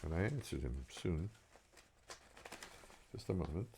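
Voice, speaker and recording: Low-voiced man reading his novel aloud. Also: expressive, unhurried, gravelly, noisy background. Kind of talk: serialized book reading.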